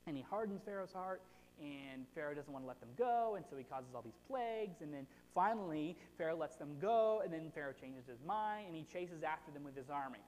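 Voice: medium pitch, fairly quick. Chatty preacher in an echoing hall. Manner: chatty, frequent rhetorical "right?" checks, animated retelling. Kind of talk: casual conversational sermon. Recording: long hall reverb.

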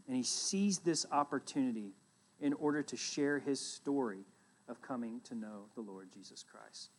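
A man preaching a sermon as pastor, retelling a scripture story with loud emphatic bursts and quiet, dropped asides. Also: mid-range voice.

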